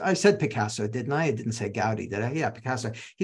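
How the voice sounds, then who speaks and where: Brief: male masterclass speaker, rough husky voice, story-driven delivery over a video call. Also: medium pitch, brisk, few pauses. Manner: anecdotal storyteller, addresses audience directly. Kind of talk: live online teaching talk.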